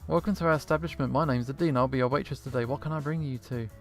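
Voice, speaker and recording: A cheerful, overly formal dragon café server from a visual novel, read aloud by a man. The voice sits in a plain middle register with bright service patter. Faint game music plays behind. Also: mid-range voice, steady tone, very fast, natural voice.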